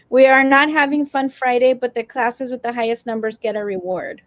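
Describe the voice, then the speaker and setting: Sarcastic high-voiced woman with a South Texas accent. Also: moderate pace, no echo. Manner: sarcastic, laughs often. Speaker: union co-host reading viewer comments. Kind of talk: casual live-stream chat.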